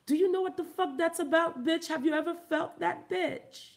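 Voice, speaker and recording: A woman from Haiti, a vlogger and comedian, ranting loudly and emphatically with a lot of laughter. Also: moderate pace, creaky. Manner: loud, emphatic, profane, laughing, big pitch swings. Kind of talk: ranting commentary vlog.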